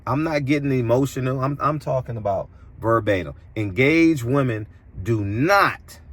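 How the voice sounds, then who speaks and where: A man delivering an opinionated commentary monologue as a boxing commentator, preachy and emphatic, his voice jumping higher when indignant. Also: animated, moderate pace, fairly bright tone.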